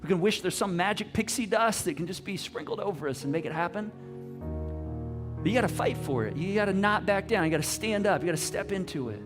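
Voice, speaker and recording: A middle-aged man preaches with a somewhat high voice, rising to loud emphasis and then dropping to near hush. He stumbles over repeated words as he presses a point. He turns to the congregation with questions. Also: fairly quick, music in the background. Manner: animated, swings from loud emphasis to soft hushed lines. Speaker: pastor. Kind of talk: sermon.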